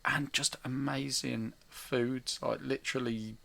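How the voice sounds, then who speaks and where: A man's voice: medium pitch, measured pace, vocal fry, dry recording. A man co-hosting a podcast, chatting casually and telling stories with lots of laughter. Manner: animated, laughing storyteller. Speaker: podcast co-host. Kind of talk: casual chat.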